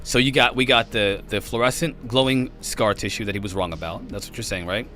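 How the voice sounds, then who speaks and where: A man's voice: on the low side, fairly quick, pushed and bright, soft background music. A man hosting a podcast, pushing back hard in a heated debate and often cutting in to hold the floor. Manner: interrupts, repeats "hold on" to push back. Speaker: podcast host.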